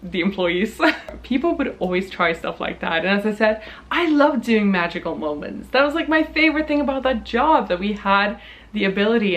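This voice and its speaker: A woman in her twenties from Norway, telling a storytime vlog in a chatty, animated way with frequent laughs and swearing. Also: medium pitch. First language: Norwegian. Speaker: vlogger.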